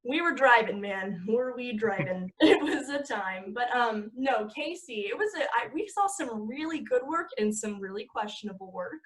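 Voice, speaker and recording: A woman's voice: on the high side, expressive, normal speed, few pauses. A young adult woman chatting as a podcast guest, rambling and laughing at herself as she talks. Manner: rambling, laughing, self-mocking. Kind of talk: casual podcast chat.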